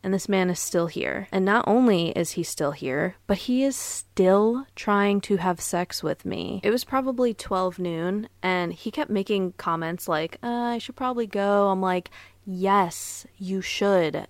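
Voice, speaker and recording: A woman's voice: medium pitch, measured pace, hardly any pauses, no echo. A woman in her twenties hosting a podcast, telling personal stories in a blunt, profane, laughing way. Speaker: podcast host. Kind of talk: casual storytelling podcast.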